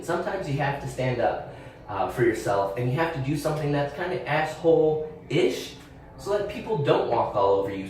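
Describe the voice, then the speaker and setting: A man's voice: mid-range voice, darkish tone. A young man hosting his channel, telling a personal story in a candid, rambling way with fillers and restarts. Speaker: channel host. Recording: very echoey room, voice a bit distant, faint background hiss.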